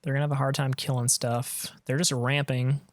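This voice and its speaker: A man's voice: medium pitch, little pitch movement, brisk, dry recording. Man streaming a card game; chatty play-by-play that trails off, mid-range voice, dry close mic. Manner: thinking aloud, trailing off and restarting. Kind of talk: casual gameplay commentary.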